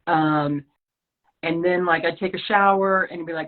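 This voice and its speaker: On a lo-fi, phone-like recording, a podcast guest with a voice on the low side speaks a little slowly. The woman, from the Rocky Mountain region of the US, tells a personal story conversationally and animatedly acts out the quoted dialogue.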